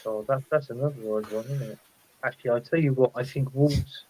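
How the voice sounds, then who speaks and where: A man chatting casually as a football podcast panelist, thinking out loud and laughing often. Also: medium pitch, brisk, low-quality recording. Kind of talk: casual chat.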